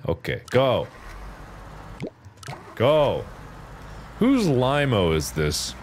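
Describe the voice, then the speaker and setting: A man's voice: medium pitch, very animated, unhurried, background noise. A man giving live gameplay commentary as a streamer, playful and sarcastic, teasing with mock outrage and laughing often.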